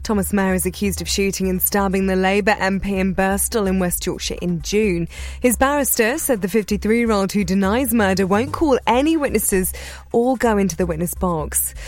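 A woman's voice: mid-range voice, normal speed, no room sound. Woman reading radio news. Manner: crisp bulletin reading, laughs easily in banter. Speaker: newsreader. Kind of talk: radio news bulletin and studio banter.

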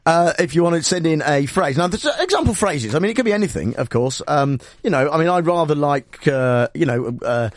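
A man's voice: a little high, expressive, fairly quick, few pauses, no room sound, clean studio sound. A man hosting a talk radio show, teasing and joking with his producer in casual banter. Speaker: radio host.

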